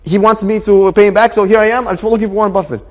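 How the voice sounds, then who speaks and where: A man voicing a desperate, broke man who pleads and grows excited as the story goes on. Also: high-pitched, very fast, big-room sound, voice pushed up, natural voice. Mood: urgent. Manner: pleading, rising to excited near-shouting.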